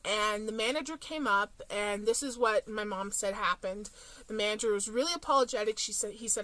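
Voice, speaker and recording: Bright-voiced young woman, chatty vlogger. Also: mid-range voice, animated, fairly quick, no echo. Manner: chatty, with frequent "um" and "like". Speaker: couponing vlogger. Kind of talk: casual storytelling to camera.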